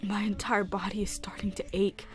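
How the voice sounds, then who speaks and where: A woman voicing a frightened shy teenage girl in whispered role-play, reading anxious first-person game narration in a hushed voice. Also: medium pitch, little pitch movement, normal speed, soft background music, lightly acted.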